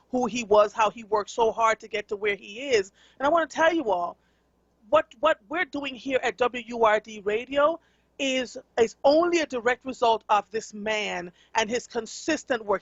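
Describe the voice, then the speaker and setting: A woman's voice: fairly high pitch, husky, no room sound. A Jamaican woman talks to her listeners on live radio in an earnest, conversational way, with plenty of fillers along the way. The sound is dry and a little dull, like a studio microphone feed. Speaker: radio talk show host. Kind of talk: radio talk show monologue.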